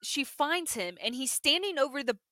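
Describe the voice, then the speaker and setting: A young woman co-hosts a casual podcast, retelling a TV episode with animated energy and a steady stream of "like". Her voice is bright and sits a touch high, recorded close and dry. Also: normal speed, no echo. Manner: animated storyteller, heavy use of "like". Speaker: podcast co-host. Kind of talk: casual chat recapping a TV episode.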